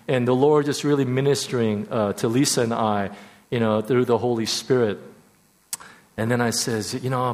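Halting man speaking in a reverberant hall. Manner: halting, repeats words and restarts often; voice drops soft and low when emotional. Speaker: speaker sharing a personal testimony. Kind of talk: candid personal testimony.

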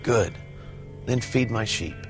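A man playing a calm, patient Jesus asking a disciple the same questions in a comedic church video skit. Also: lowish voice, slow pace. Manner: calm, repeated gentle questions. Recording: guitar music over the voice. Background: guitar music.

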